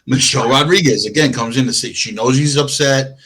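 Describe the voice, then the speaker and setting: A man's voice: medium pitch, brisk, crowd noise. A man co-hosting a podcast, chatting casually about a movie, enthusiastic, laughing often and swearing casually. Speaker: podcast co-host. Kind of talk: casual movie review chat.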